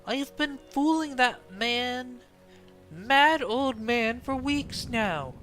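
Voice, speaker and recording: A man's voice: very high voice, lively intonation, takes it slowly, pushed and bright, soft background music, pitched above the performer's own voice, exaggerated voice. A man voicing a sneaky young boy in a fantasy game, pleading not to be told on.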